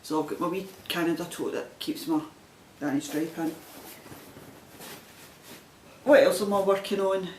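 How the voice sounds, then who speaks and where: On her video podcast, a Scottish woman casually shows her crafting projects, rambling a little, chatty and self-deprecating. She talks at a measured pace with frequent pauses, in a recording with roomy echo and a faint rumble.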